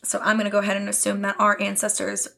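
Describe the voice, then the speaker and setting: A woman's voice: mid-range voice, monotone, fast talker, gravelly, pushed and bright. A young woman co-hosting a podcast in casual chat, chatty and often laughing. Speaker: podcast co-host.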